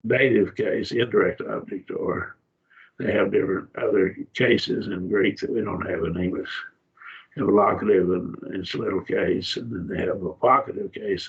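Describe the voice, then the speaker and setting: An older man leads a Bible study lecture in a low, gravelly voice. He talks in an unhurried, halting way, pausing on fillers and restarting his phrases. The recording sounds dull and lo-fi. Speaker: Bible class teacher.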